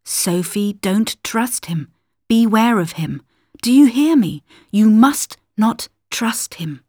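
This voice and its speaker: A woman's voice: medium pitch, expressive, takes it slowly, mellow, no echo, clean studio sound. A woman voicing an adult male cousin who gives an urgent, insistent warning.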